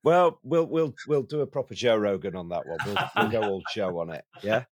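A man's voice: lowish voice, fairly quick, no room sound. A man, a podcast co-host who chats casually, jokes, and agrees often. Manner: frequent short agreements, jokey.

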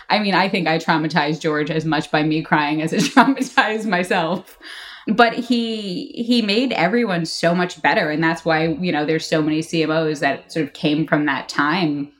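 A middle-aged woman guest on a casual podcast interview, telling lively stories and acting out quotes. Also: low-pitched. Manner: animated storyteller, laughs often, acts out quotes. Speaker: marketing executive guest.

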